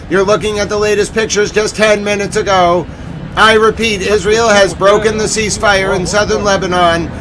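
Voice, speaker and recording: A man's voice: sits high, noisy background. A man hosting a live news recap stream, urgently repeating breaking updates and exclaiming in alarm.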